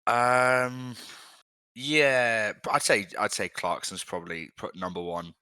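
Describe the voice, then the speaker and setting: Bright, dry-voiced young man bantering. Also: lowish voice, fairly even intonation, takes it slowly, smooth, no echo. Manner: jokey, blunt banter with swearing. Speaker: podcast co-host. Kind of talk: casual football chat.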